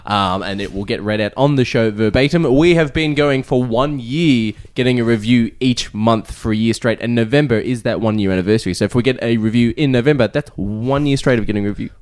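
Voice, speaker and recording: A man's voice: medium pitch, fairly quick, hardly any pauses, clean tone. A man in his thirties hosting a podcast in casual chat, laughing often, swearing and rambling. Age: 30s. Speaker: podcast host.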